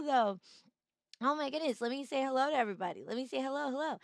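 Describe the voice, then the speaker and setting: A woman's voice: high voice, lively intonation, quick pace, gravelly, no echo, studio quality. A woman streamer chatting casually on a live stream, greeting viewers by name in a bubbly, playful way.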